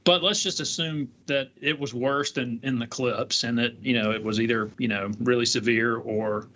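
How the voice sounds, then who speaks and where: A man, a defense lawyer co-hosting a podcast, talking in an animated, chatty way with lots of hedging fillers. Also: medium pitch, moderate pace. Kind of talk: conversational legal podcast discussion. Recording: dull lo-fi audio with faint noise.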